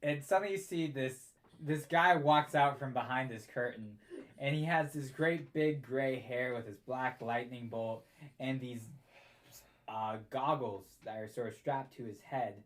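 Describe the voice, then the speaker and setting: A man's voice: mid-range voice, measured pace, a bit bright. A man narrating as dungeon master in a casual, rambling way. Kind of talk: narrating a tabletop game.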